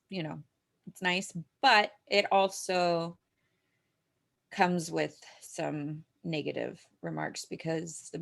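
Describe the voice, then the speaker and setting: A woman's voice: fairly low pitch, creaky, a bit bright. A woman co-hosting a moms' group update in casual chat, talking with lots of fillers and easy laughter. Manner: chatty, with filler words and frequent laughter.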